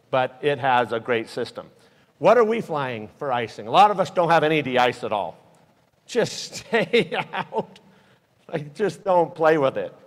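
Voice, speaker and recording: A man giving an earnest, emotional aviation safety talk to a live audience, telling stories. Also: fairly high pitch. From Utah. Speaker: guest speaker. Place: hangar event space. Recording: echoey hall with long reverb.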